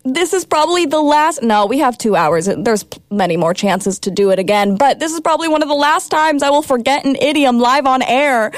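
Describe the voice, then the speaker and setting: A woman's voice: high-pitched, lively intonation, normal speed, few pauses, no room sound, studio quality. A young woman in her twenties hosting her college radio show, talking in a bubbly, emotional, rambling way. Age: 20s. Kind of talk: casual radio talk. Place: radio studio.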